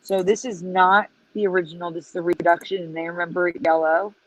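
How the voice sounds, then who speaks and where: A woman's voice: on the low side, level tone, fast talker. A woman co-hosting a casual livestream chat, explaining pictures and asking viewers questions. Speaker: co-host. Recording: dull lo-fi stream audio.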